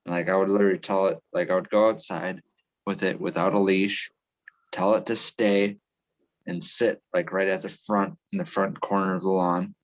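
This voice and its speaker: A man's voice: low-pitched, flat delivery, normal speed, highs cut off. A man in casual chat on a podcast, rambling and swearing freely, often restarting his sentences. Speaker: podcast co-host.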